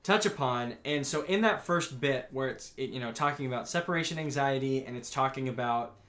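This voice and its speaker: A young man co-hosting a podcast, chatting casually and recapping scenes with animated, profane reactions. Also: mid-range voice, a little fast, echoey room. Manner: animated recapping, reads out scene quotes, swears freely. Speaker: podcast co-host. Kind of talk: casual chat.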